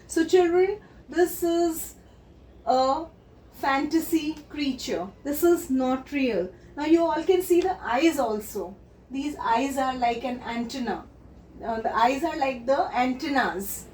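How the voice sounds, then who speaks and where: A high-pitched woman teaching children, talking slowly and patiently as she explains a story and the meanings of its words. She is heard from some distance in an echoey room with faint noise behind her. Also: a little mellow.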